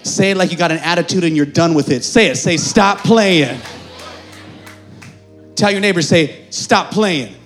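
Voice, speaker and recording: A male pastor preaching a sermon in a church, calling on the congregation to answer back and swinging between hushed asides and shouting. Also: on the high side, fairly quick, few pauses, soft background music.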